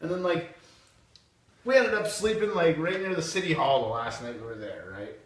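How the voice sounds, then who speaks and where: A man's voice: on the high side, moderate pace. Profane young man telling a story. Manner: profane, animated, laughing storyteller. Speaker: podcast host. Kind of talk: casual storytelling. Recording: echoey room from far off.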